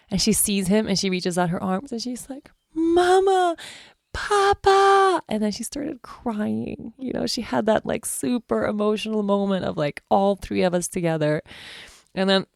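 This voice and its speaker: A woman in her thirties chatting casually on a vlog, telling a warm family story in a gushing way full of "like" and "I mean". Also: medium pitch, moderate pace, gravelly, dry recording, clean studio sound. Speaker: vlogger.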